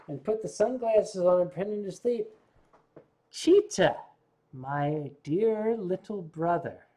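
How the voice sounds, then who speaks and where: A man's voice: high voice, a little mellow. An older man, a vlog host, telling rambling anecdotes in casual storytelling style with asides to his viewers.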